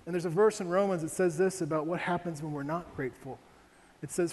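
A man's voice: a little high, a little fast, darkish tone. A young man from Ohio preaching a sermon, telling a family story with frequent rhetorical questions to the congregation. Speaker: pastor. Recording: long reverb of a large hall, faint ambience.

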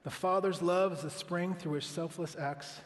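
Man, pastor, sermon, earnest and conversational, slightly high voice, long hall reverb. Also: fairly even intonation, normal speed. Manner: earnest, conversational preaching with rhetorical questions.

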